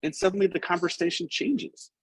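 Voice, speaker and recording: A man hosting a casual group discussion, relaxed and halting at times, reading comments aloud. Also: sits high, slightly rough, dry recording, rough recording.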